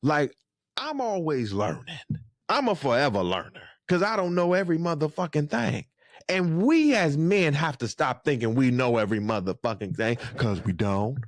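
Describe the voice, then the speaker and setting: A man giving casual, profane podcast commentary, animated, with his voice jumping high when he gets worked up. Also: moderate pace, no room sound, studio quality.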